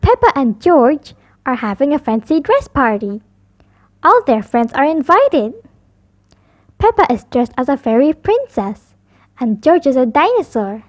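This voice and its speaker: A woman's voice: high-pitched, very animated, measured pace. A woman reading children's bedtime stories aloud in a sing-song storytelling manner. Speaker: storybook reader.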